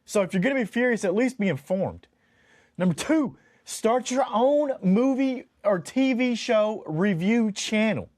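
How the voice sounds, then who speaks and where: A man's voice: high voice, expressive, measured pace, a little mellow, no echo, clean studio sound. A man co-hosting a podcast, ranting in mock exasperation and counting off his points in a casual chat. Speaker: podcast co-host.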